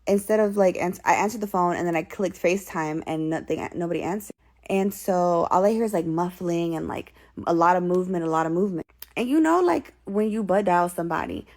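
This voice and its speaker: A woman with a lowish, gravelly voice that dips into vocal fry. She tells her story in a casual get-ready-with-me style, animated and full of slang and swearing. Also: brisk.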